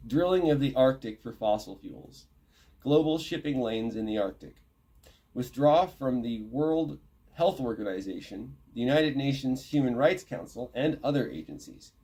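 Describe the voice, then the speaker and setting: A man's voice: medium pitch, lively intonation, normal speed, warm tone. A man reading a list aloud from an online thread, breaking off to comment, look terms up and correct himself. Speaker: channel host reading a thread.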